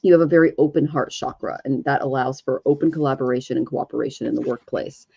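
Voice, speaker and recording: Woman card reader on a home stream: soft, intuitive, meandering delivery; warm, slightly low voice, dull close audio. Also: fast, gravelly, breathy edge, dry recording. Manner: gentle, intuitive, talks in loose flowing phrases. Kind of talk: live online card reading.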